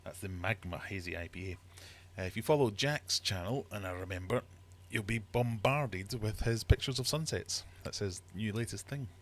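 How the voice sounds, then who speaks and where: Deep-voiced man, animated storytelling. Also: normal speed, few pauses. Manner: animated storyteller, exasperated outbursts. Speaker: livestream host. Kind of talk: casual livestream chat. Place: home fish room.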